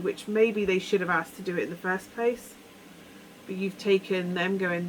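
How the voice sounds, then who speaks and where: A woman talks through a weekly tarot reading in a loose, earnest way, slipping into little imagined conversations as she goes. Her voice sits fairly low for a woman. A faint hiss of noise runs under the recording. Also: normal speed, rough recording. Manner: rambling and earnest, acting out imagined dialogue. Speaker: tarot reader.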